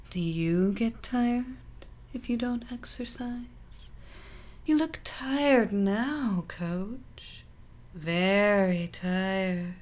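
A woman voicing a soft, controlling young athlete. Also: mid-range voice. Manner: slow, soft hypnotic cadence, drifting into whispers.

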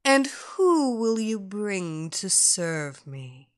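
A woman voicing a young woman hypnotist, speaking in a slow, commanding, half-whispered manner. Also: mid-range voice, sing-song. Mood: coaxing.

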